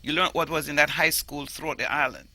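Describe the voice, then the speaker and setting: A Jamaican woman, a storyteller, explaining things in an animated interview. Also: deep voice, fast talker, dry recording. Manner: animated, explanatory, stresses words emphatically. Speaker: storyteller guest. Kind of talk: interview conversation.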